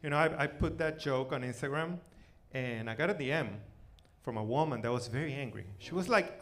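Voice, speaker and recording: A man in his forties from Venezuela with a Spanish accent, performing a self-mocking stand-up set on a theater stage, loud one moment and muttering the next. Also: mid-range voice, fairly quick, hardly any pauses. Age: 40s. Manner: animated, self-mocking, swings between loud outbursts and mutters. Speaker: stand-up comedian.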